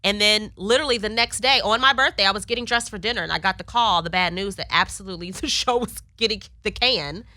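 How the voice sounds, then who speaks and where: A woman's voice: mid-range voice, fast talker, hardly any pauses, no room sound. A woman being interviewed as a guest actress, chatting casually in an office and laughing often as she tells stories. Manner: laughs often, animated storyteller.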